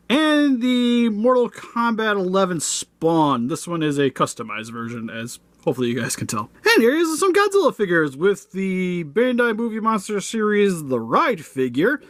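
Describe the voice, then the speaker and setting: A man's voice: high-pitched, a bit bright, dry recording. A man hosting a casual action figure review, chatty and laughing easily between loose fillers. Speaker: toy review host.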